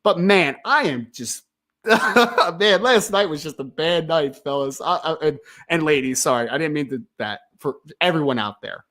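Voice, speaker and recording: A man hosting a live sports talk stream, ranting with frustration and emphasis, apologizing and calming down, then reading viewer questions. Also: a little high, normal speed, hardly any pauses. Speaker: sports podcast host.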